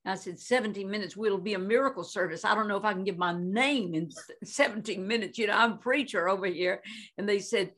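A woman's voice: mid-range voice, quick pace, fairly bright tone. A woman in her eighties, a Christian minister and guest, telling stories in conversation with many fillers and frequent laughs. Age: 80s. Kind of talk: animated storytelling in conversation.

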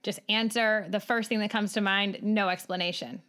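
A woman's voice: mid-range voice, fairly even intonation, normal speed, a bit bright. A woman with a Midwest American accent, hosting a podcast in an upbeat way and laughing easily. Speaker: podcast host.

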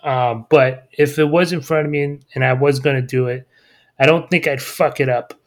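A man's voice: mid-range voice, fairly even intonation, moderate pace. A man joking and teasing friends in casual podcast banter.

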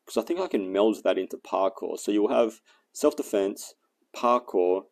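A man with a gravelly, low, dark voice rambles through a story and thinks aloud about his plans in a casual vlog, using plenty of fillers. He's a fitness and survival vlogger.

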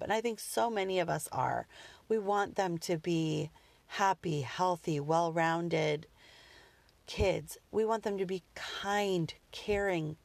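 A woman in her thirties hosting a personal podcast, talking earnestly and reflectively with frequent pauses and restarts. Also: fairly low pitch, gravelly, darkish tone, no echo. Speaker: podcast host.

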